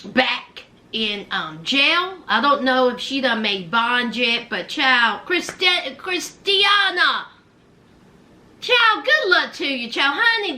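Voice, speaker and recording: A woman vlogger giving loud, animated gossip commentary and calling viewers child and honey. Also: high voice.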